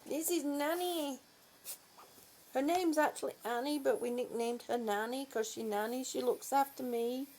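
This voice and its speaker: A woman's voice: sits high, moderate pace, darkish tone, slight background noise. A woman vlogger in a casual morning chat, affectionately greeting viewers and fussing over her dog.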